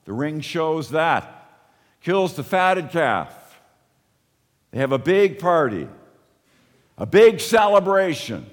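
Animated male preacher in a reverberant hall. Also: slow, long pauses. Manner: animated preaching, dropping low and soft for emphasis. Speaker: pastor. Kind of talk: sermon.

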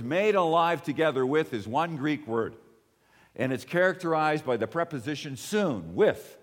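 A man preaching a sermon as pastor, rising loud on key phrases and dropping low and quiet for personal asides. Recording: long hall reverb.

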